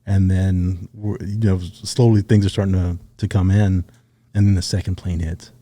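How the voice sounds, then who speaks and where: Middle-aged male guest, deep and mellow, laid-back storyteller. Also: normal speed, no room sound. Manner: relaxed storyteller, acts out quoted dialogue. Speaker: guest, retired Navy SEAL sniper. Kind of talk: casual storytelling interview.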